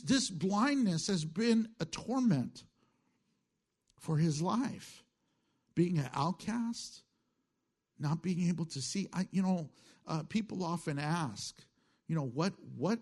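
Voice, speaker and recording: Chuckling at his own jokes, a middle-aged male pastor shifts between quiet asides and emphatic statements in a conversational sermon. His voice is a little high and slightly rough.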